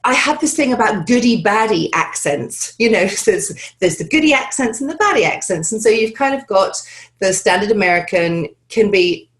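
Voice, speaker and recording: A woman's voice: mid-range voice, animated, moderate pace, a bit bright. A woman working as an accent and dialect coach, answering interview questions in a chatty, rambling way with many fillers, speaking over a video call from home.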